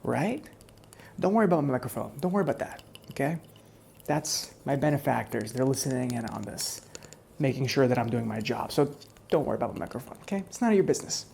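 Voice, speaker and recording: A man voicing a smug, menacing male hitman in a whispered role-play, taunting his captive in a soft, close voice. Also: medium pitch, expressive, fast talker, gravelly, a little hiss or hum. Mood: menacing calm. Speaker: ASMR role-play performer.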